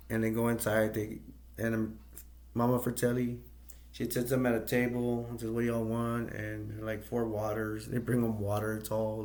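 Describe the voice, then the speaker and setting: Flat-voiced man rambling through a movie recap. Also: fairly low pitch. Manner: rambling, hesitant, with many fillers and self-corrections. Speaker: movie reviewer. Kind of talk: casual movie plot recap.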